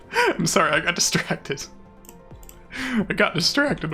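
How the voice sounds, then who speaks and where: A man's voice: a little high, lively intonation, a little slow, creaky, pauses often, pushed and bright, soft background music. A man streaming a game live, chatting playfully with mock-boastful bragging and frequent laughter. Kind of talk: casual live-stream commentary while playing.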